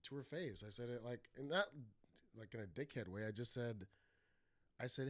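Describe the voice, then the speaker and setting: A man's voice: medium pitch, normal speed, pauses often, a bit bright. A man hosting a podcast, chatting casually and dropping short reactions and asides into his guest's story. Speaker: podcast host. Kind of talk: casual chat.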